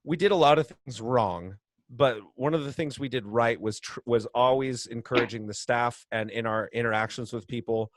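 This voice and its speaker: A man talks through a long, chatty explanation as a podcast guest, laughing along the way. His voice sits at a middling pitch. The sound is dry and close, carried over a video call. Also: normal speed, dry recording. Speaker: brewery co-founder guest. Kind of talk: casual podcast interview.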